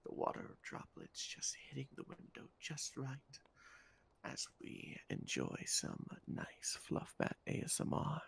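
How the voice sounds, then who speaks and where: In a whispered role-play, a man puts on a soothing ASMR host who welcomes his listeners in a soft, breathy hush. The delivery is drawn out and gravelly at the edges, with a husky grain under the whisper. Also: medium pitch, huge pitch swings, measured pace, heavily acted.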